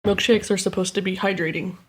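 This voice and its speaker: A woman's voice: medium pitch, fairly even intonation, fast talker, husky. An American woman co-hosting a podcast, chatting casually with playful, giggly banter. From United States. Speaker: podcast co-host. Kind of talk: casual chat.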